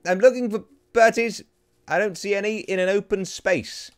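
Speaking at a moderate pace in a high voice, this young let's play host chats his way through the game, rambling and making fun of himself while addressing the creatures on screen.

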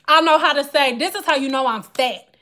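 A woman's voice: sits high, brisk, sharp tone. A woman in her thirties, chatting and joking straight to her viewers in a casual vlog. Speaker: vlogger. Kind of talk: casual chat to viewers while doing hair.

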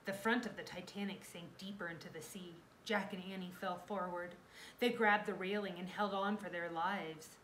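Woman reading a kids' chapter book, expressive, in an echoey room with faint hiss. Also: on the low side, moderate pace. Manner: expressive, dramatic storytelling. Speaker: reader. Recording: roomy echo, faint background noise.

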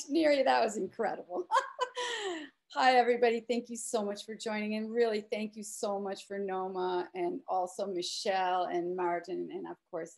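A woman's voice: mid-range voice, gravelly, darkish tone. A woman guest artist at an online event, effusively thanking the host and the audience. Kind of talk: live online event greeting.

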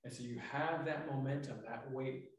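A man teaching tai chi, explaining calmly with fillers as he demonstrates each movement. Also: medium pitch, moderate pace. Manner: talks while moving through the exercise, relaxed and explanatory, with many fillers. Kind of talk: instructional demonstration. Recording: echoey room, mic far off.

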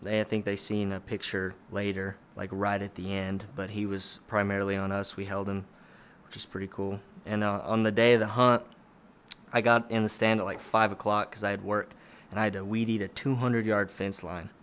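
A man's voice: fairly low pitch, level tone, normal speed, fairly bright tone, slight background noise. A young man, telling a hunting story in a casual, rambling way full of "you know" and "like.". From Oklahoma. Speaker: hunter guest.

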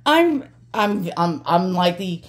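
A woman's voice: fairly low pitch, very animated, slow, heavy background noise. A middle-aged woman with a New York accent, chatting casually and giggling as she shows her glass collection. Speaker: antique collector vlogger. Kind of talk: casual show-and-tell.

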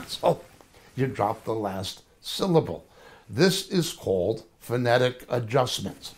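A man teaching a lecture on biblical languages, slow and deliberate, repeating terms to drill them in. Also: mid-range voice. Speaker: Bible teacher.

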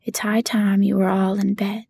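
A woman whispers as an anxious mother canary in a storybook, in whispered role-play. The voice trembles and sounds breathy. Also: medium pitch, level tone, normal speed, darkish tone.

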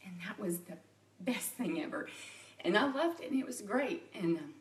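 Medium-pitched and animated at a moderate pace, this chatty woman in her forties from Louisiana talks candidly on a live video to a private group. She works as a makeup artist and direct sales consultant, speaks openly and personally, and laughs at herself. The sound is roomy, from a distant mic.

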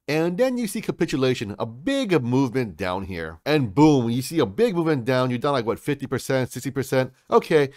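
A man's voice: medium pitch, very animated, fairly quick, few pauses, darkish tone, no echo, clean studio sound. A man hosting a crypto channel, giving hyped market commentary in a salesy way and calling his viewers folks.

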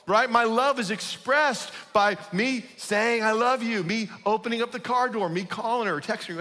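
A pastor giving a conversational, emphatic sermon, often checking in with the congregation. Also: male voice, very high-pitched, moderate pace, hardly any pauses, pushed and bright, big-room sound. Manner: conversational, emphatic, asks "right?".

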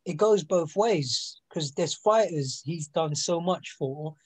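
A man's voice: fairly high pitch, slow pace, slight background noise. A man guesting on a casual boxing chat, telling frank stories and acting out quotes. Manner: storytelling, acts out quotes, frank.

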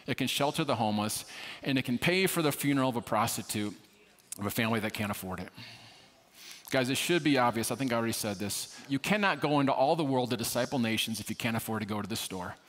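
Male pastor, brisk storytelling sermon, wry self-mocking humor, echo of a big hall. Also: medium pitch, lively intonation, fairly bright tone. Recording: long reverb of a large hall.

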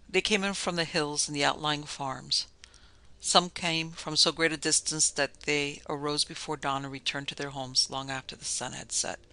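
Gravelly, bright-voiced male storyteller. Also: fairly high pitch. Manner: measured, dramatic storytelling. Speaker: podcast narrator. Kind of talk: scripted horror story narration.

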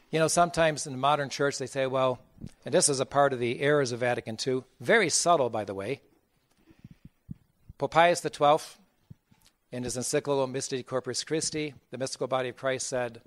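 A man's voice: mid-range voice, no echo. A man, a bishop giving a conference sermon, who talks with emphasis, asks rhetorical questions and acts out the voices he quotes.

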